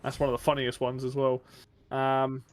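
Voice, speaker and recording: A man's voice: medium pitch, completely flat delivery, moderate pace. A man streaming a game and chatting casually, rambling with enthusiasm and casual swearing. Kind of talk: casual chat while gaming.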